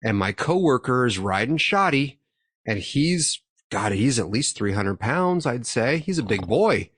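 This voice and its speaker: A man's voice: mid-range voice, very animated, unhurried, a bit bright, breathy edge, dry recording, studio quality. A young man hosting a podcast, telling a rambling, profanity-laced story and laughing as he goes. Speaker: podcast host. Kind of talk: casual chat.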